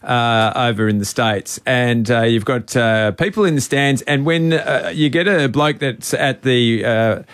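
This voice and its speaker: A man's voice: medium pitch, measured pace, few pauses. A man hosting breakfast radio, telling a story in a chatty way with plenty of ums and uhs. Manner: animated storytelling with frequent fillers. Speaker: radio host.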